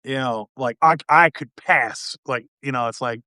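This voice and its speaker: A man's voice: medium pitch, moderate pace, pushed and bright, no room sound, clean studio sound. A man hosting a podcast, talking in a laid-back, rambling way with lots of restarts. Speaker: podcast host. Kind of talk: casual conversation.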